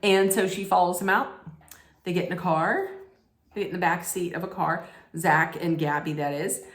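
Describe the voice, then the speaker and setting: A woman's voice: lowish voice, normal speed, roomy sound. A woman giving a casual reality TV recap on her vlog, with sarcastic, joking commentary. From United States. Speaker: vlog host.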